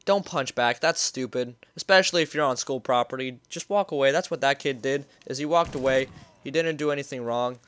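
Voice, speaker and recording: A man giving rambling, excitable gameplay commentary, gasping and yelling as the game turns tense. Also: mid-range voice, brisk, clear, resonant tone. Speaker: gaming YouTuber.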